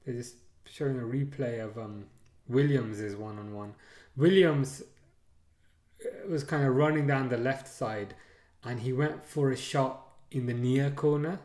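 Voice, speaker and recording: Speaking a little slowly in a medium-pitched voice, a man hosts a live stream through a match, relaxed and hesitant. He reads viewer messages out loud and answers them, frequently trailing off with fillers, and the audio is reverberant.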